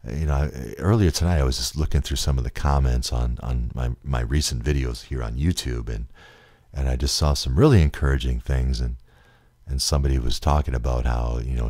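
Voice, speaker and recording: A man's voice: very deep voice, darkish tone, dry recording. A man hosting a solo podcast, rambling earnestly and stumbling over repeated words, close to tears. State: near tears. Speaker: podcast host.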